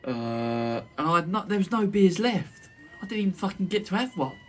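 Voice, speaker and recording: A man's voice: sits high, very animated, normal speed. A man hosting a casual podcast chat, boisterous, joking and sweary. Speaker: podcast host. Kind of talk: casual banter. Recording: distant mic with faint noise.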